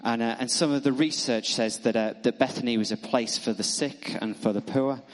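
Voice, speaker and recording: A man with a Northern English accent, preaching a sermon in a halting way with many fillers. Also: mid-range voice, steady tone. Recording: long church hall reverb.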